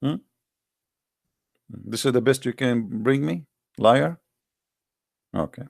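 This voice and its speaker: A man hosting a livestream who tells stories in animated, broken English and talks straight to his audience. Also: mid-range voice, slow, creaky, no room sound, clean studio sound. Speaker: livestream host. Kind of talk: casual livestream storytelling.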